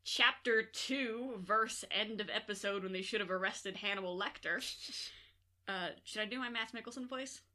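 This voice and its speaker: A woman co-hosts a podcast in an easygoing chat, with a bright, crisp tone. She tells jokey stories and laughs between her lines. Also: mid-range voice, normal speed. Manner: giggly, jokey storytelling. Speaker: podcast co-host. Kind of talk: casual chat.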